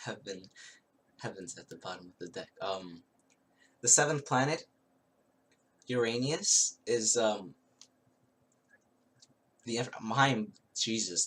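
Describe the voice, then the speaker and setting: A man's voice: lowish voice, fairly bright tone. Guy doing a chill tarot reading, rambly, keeps restarting and laughing to himself. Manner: rambling, halting, many restarts and chuckles. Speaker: tarot reader. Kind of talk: casual spoken tarot reading.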